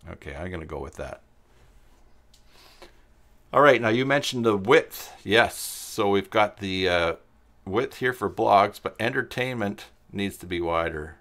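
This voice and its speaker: Low-voiced man talking through his work. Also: animated, a bit bright. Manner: thinks aloud while working, replies to chat viewers; halting, with many pauses and fillers. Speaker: tutorial host. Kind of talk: live-stream screen-share web design tutorial.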